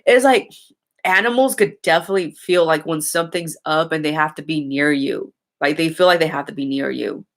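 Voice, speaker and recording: Young woman, casual live chat, blunt and sweary, rambling, slightly low voice. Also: brisk, creaky. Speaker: streamer chatting with viewers.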